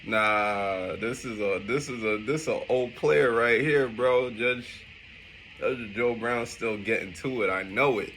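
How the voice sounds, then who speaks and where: A young man reacts with loose, slangy commentary that breaks into laughter. His voice is on the low side with a bright edge, and it jumps in pitch when he gets worked up. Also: a little hiss or hum. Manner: animated, laughing, heavy slang. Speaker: reaction video host. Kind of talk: casual commentary.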